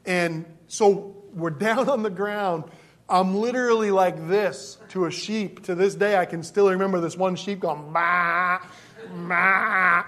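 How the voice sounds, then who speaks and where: High-voiced man preaching a story. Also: unhurried. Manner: storytelling, emphatic, with asides to the congregation. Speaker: pastor. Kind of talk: sermon with personal story.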